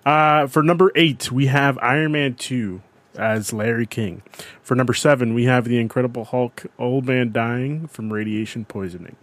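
Excitable young man on a podcast. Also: mid-range voice, moderate pace, dry recording. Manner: excitable, swears, defends his picks. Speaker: podcast co-host. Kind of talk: casual chat. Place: lives in New York.

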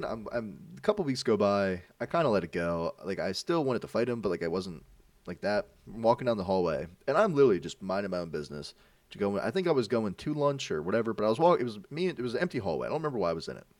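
Animated young man telling a story. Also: fairly low pitch, quick pace, dry recording, far from the mic. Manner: animated, acts out quoted voices, swears a lot. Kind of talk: casual storytelling chat.

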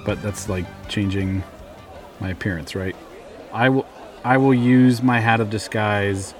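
A man playing a tabletop game, thinking aloud in a halting way. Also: lowish voice, faint music behind, a faint crowd. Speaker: player. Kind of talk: casual game-table chat.

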